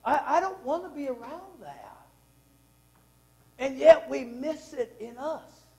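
A man's voice: extremely high pitch, lively intonation, takes it slowly, dark tone, rough recording. A man preaching a sermon as pastor, reading scripture aloud and pressing the congregation with emphatic questions. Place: church sanctuary.

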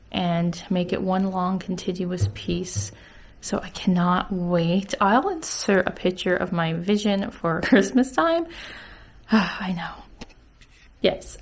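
A woman's voice: medium pitch, vocal fry. A woman in her thirties chatting casually at home for her vlog, with frequent laughs and fillers. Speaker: vlogger, teacher. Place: home, indoors.

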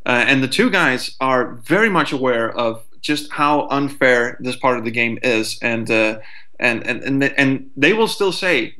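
A man of middling pitch talks as a podcast guest, lively and quick to swear. He acts out a frustrated player's thoughts as he explains things. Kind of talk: casual podcast chat.

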